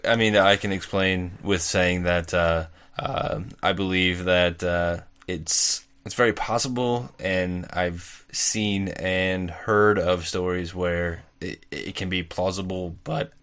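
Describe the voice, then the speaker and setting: A man's voice: deep voice, fairly even intonation, slow pace, few pauses, fairly bright tone, clean tone. A man who is a guest on a comedy podcast, easygoing and hesitant, agreeing a lot. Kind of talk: casual chat.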